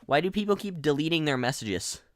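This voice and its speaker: A man's voice: fairly high pitch, lively intonation, a little fast, no echo, clean studio sound. A young man rambling through casual gameplay commentary as a streamer, often restarting his sentences and reading out chat messages. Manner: rambling, chatty, many restarts. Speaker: gaming streamer.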